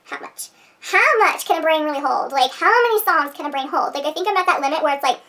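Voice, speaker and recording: A woman's voice: high voice, lively intonation, quick pace, sharp tone, recorded from a distance. A woman vlogger rambling in home outtakes, giggling and poking fun at herself, a little off-mic at home. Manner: giggly, rambling, self-deprecating. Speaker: beauty vlogger. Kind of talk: rambling outtake chatter to camera. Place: room at home.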